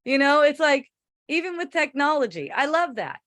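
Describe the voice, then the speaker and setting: A woman's voice: high-pitched, big pitch swings, normal speed, fairly bright tone, no echo, clean studio sound. A woman spiritual teacher answering a listener in a rambling, chatty way, swearing casually and laughing often.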